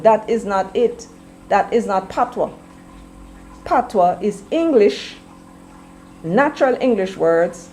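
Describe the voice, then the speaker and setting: A middle-aged woman with a Jamaican accent, delivering opinionated political commentary in a forceful, preachy way and slipping into patois. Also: mid-range voice, a little hiss or hum, rough recording.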